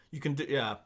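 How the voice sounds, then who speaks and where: Over a little hiss or hum, a mid-range male voice belongs to a fantasy football livestream host. He goes through viewer comments casually and at length, chatty and rambling, with quick asides and laughs along the way.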